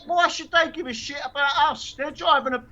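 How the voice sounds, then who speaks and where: Male stream guest, high voice, muffled lo-fi line, indignant and rhetorical. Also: a little fast, pushed and bright. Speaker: co-host on a live stream. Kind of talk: casual livestream chat.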